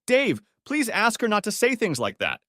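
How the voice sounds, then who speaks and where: A man's voice: sits high, huge pitch swings, moderate pace, sharp tone, no echo, studio quality, voice pushed up, full character voice. A man voicing a heartbroken middle-aged wife who begs through tears. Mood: pleading. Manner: tearful, begging.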